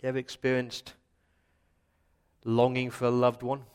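A middle-aged Australian man preaching a sermon as pastor in a church, moving from quiet reflection to loud, impassioned pleading. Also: mid-range voice, monotone, moderate pace, clean tone.

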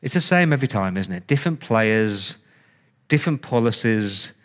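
A man's voice: lively intonation, normal speed. A man preaching a sermon as pastor, conversational, repeating words and acting out listeners' reactions. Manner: acts out listener reactions with big pitch swings.

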